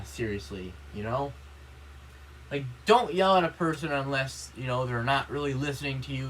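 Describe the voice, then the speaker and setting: A man's voice: medium pitch, fairly bright tone, poor audio. A young male vlogger speaks in a casual rant, earnest and upset. His speech rambles and is packed with "you know" and "like." A faint ambient hum sits under his voice.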